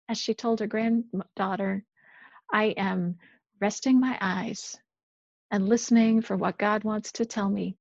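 A woman minister giving a measured, earnest sermon, dropping softer on key phrases. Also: mid-range voice, vocal fry, dry recording, highs cut off.

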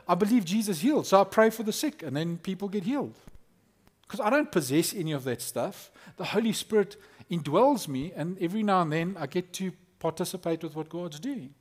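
Animated pastor preaching. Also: male voice, a little high. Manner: animated, conversational preaching with acted-out quotes. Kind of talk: sermon.

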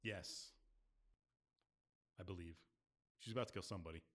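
Dry, low-voiced man answering plainly. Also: normal speed, fairly bright tone. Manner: dry, matter-of-fact answers with laughter. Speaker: podcast co-host. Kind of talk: casual chat.

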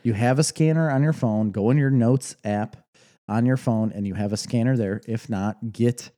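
Mellow male podcast co-host, easygoing and explanatory. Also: medium pitch, moderate pace. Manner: laughs easily, explains patiently. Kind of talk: casual chat and plugs.

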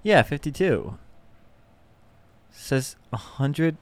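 A man's voice: on the high side, big pitch swings, extremely slow. A young man hosting a casual solo podcast, rambling and self-deprecating, with plenty of fillers and restarts. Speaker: podcast host.

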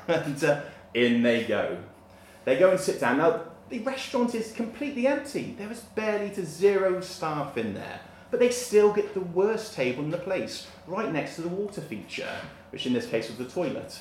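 A man's voice: fairly high pitch, big pitch swings, moderate pace. Man, stand-up storytelling, jokey, roomy live-venue echo, faint crowd noise behind. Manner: jokey, laughing at his own lines. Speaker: comedian.

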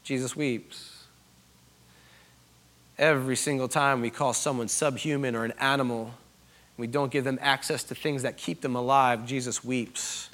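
A young adult man preaching a sermon, swinging from hushed, quiet passages to emphatic, raised declarations. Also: mid-range voice, steady tone, a little fast. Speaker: pastor.

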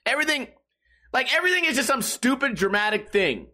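A man's voice: extremely high pitch, big pitch swings, fast talker, pushed and bright. A man talking alone in a casual, rambling monologue, swearing freely and mimicking other people in mocking voices.

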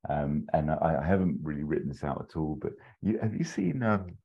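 A man's voice: extremely low pitch, expressive, fairly quick, gravelly, husky, muffled recording. A man telling a story idea in a casual chat, rambling with fillers and restarts and acting out the quotes. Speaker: podcast co-host pitching a story.

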